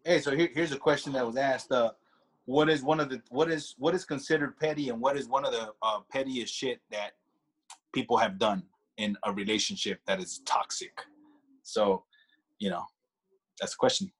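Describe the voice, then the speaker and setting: Husky man talking casually. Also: mid-range voice, moderate pace, a bit bright. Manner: profane, rambling, restarts often. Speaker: talk show co-host. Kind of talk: casual chat.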